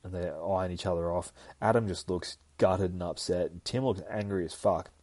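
A man's voice: sits low, moderate pace, mellow, dry recording. A man hosting a casual, rambling comic book recap with lots of swearing and self-corrections. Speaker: podcast host.

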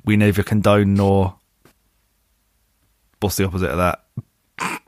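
A man's voice: sits low, little pitch movement, takes it slowly, a little mellow, dry recording, clean studio sound. A man hosting a podcast, reading a listener's email aloud and repeatedly cracking up with laughter. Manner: keeps breaking into giggles while reading. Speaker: podcast host.

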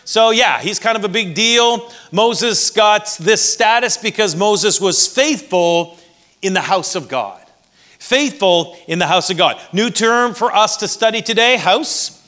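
A man's voice: sits high, lively intonation, unhurried, pushed and bright. A man with a Canadian accent preaching a sermon as pastor, conversational with dry jokes.

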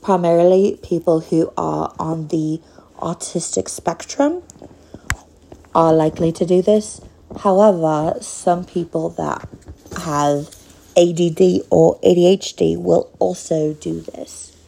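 Slow, gravelly woman podcast host. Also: lowish voice, steady tone, dark tone, rough recording. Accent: Northern Minnesotan. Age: 30s. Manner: slow and hesitant, with frequent pauses. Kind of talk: casual solo podcast monologue.

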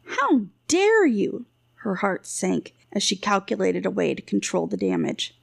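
Gravelly woman narrating a fantasy story. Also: mid-range voice, moderate pace, no echo, studio quality. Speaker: audiobook narrator.

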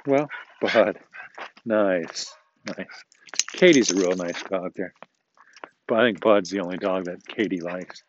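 A man's voice: low-pitched, fairly even intonation, normal speed, background noise. A middle-aged man hosting a casual podcast while walking his dog outdoors, rambling and joking in an easygoing way. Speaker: podcast host. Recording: dull lo-fi outdoor recording.

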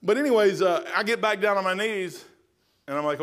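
Brief: male preacher, middle-aged, high-pitched, folksy and emphatic storyteller. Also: a little fast, a bit bright. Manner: folksy, storytelling, emphatic, addresses listeners as "man". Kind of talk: sermon.

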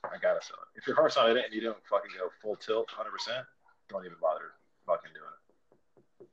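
A man's voice: on the low side, brisk, a bit bright, muffled recording. A man in casual chat as a podcast co-host, joking and swearing loosely. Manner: loose, profane, joking banter.

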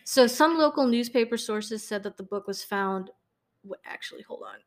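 A woman's voice: mid-range voice, normal speed. A young woman co-hosting a podcast who recaps a true-crime case in casual storytelling, laughing often, stumbling over words and correcting herself with frequent ums. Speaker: podcast co-host.

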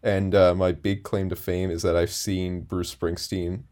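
A man's voice: low-pitched, little pitch movement, a little slow, a little mellow. A man in his twenties telling a long story in a casual chat, rambling with lots of fillers and restarts. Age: 20s. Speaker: podcast co-host.

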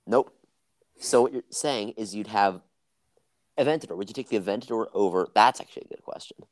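A man's voice: lowish voice, a little fast, no echo. Young guy on a podcast, teasing his buddy, dry close sound. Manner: teasing, quizzing his friend. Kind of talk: casual chat.

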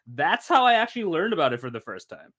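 A man's voice: a little high, very animated, fast talker, fairly bright tone. A man in a casual podcast chat, chiming in loosely with fillers and chuckles.

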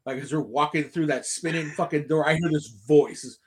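A man in his thirties chats in a casual podcast, his voice sitting a little higher than most men's. He rambles through a long personal story in an animated way, restarting his sentences and swearing freely. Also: brisk. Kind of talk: casual chat.

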